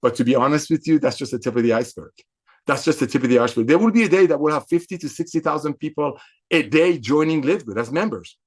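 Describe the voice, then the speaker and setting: Excitable man giving a sales pep talk. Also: fairly high pitch, fast. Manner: excitable, repetitive, preacher-like emphasis. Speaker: company executive addressing affiliates.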